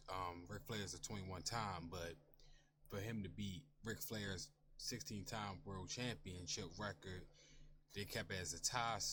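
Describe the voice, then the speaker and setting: A man's voice: low voice, background noise. A man reacting casually and thinking aloud, repeating himself as he works things out. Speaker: reaction channel host.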